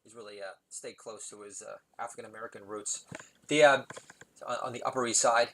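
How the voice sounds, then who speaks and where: Rambling New comedian, laughing along. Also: male voice, fairly low pitch, steady tone, a little fast, fairly bright tone, slight background noise, low-quality recording. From New York. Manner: rambling, digressive, laughs at own jokes. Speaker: comedy podcast host. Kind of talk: stand-up style monologue.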